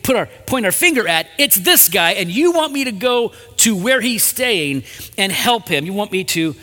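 A jittery male disciple talks his doubts out loud in a high, bright voice, as a preacher puts him on. He rambles and circles back on himself. The sound carries the long reverb of a large hall. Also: sing-song, moderate pace, full character voice. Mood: uneasy. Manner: nervous, rambling, talking it out.

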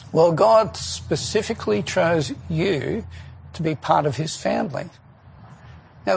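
A man delivering a sermon in a slightly high, gravelly voice with a husky edge. He speaks earnestly and leans on key words with deliberate pauses. He often poses rhetorical questions to the congregation. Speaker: preacher.

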